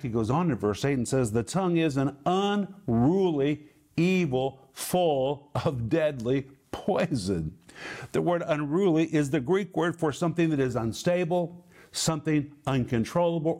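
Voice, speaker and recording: A man's voice: mid-range voice, a little mellow. A middle-aged man preaching an emphatic sermon, explaining word meanings with big rises and falls in his voice.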